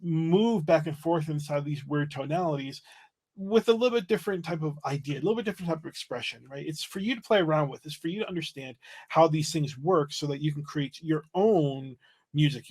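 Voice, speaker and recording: A man teaching a livestream flute lesson, explaining in a relaxed way and checking in with "right?" as he goes. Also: a little high, brisk.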